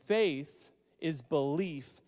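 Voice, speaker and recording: High-voiced preacher in a reverberant hall. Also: male voice, darkish tone. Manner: storytelling, emphatic, pausing. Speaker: pastor. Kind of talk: sermon.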